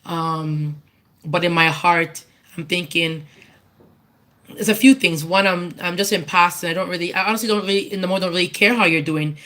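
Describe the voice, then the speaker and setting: A woman's voice: lowish voice, fairly even intonation, moderate pace, bright, forceful tone. A woman giving an informal personal testimony at church, earnest and candid, often restarting and repeating herself as she searches for words. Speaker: church speaker giving a tribute.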